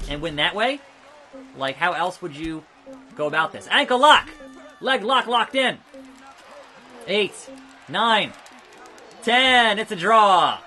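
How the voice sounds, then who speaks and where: A man's voice: a little high, sharp tone. A man giving chatty, rambling let's play commentary, blurting out move names as he plays a wrestling game. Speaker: gaming video creator.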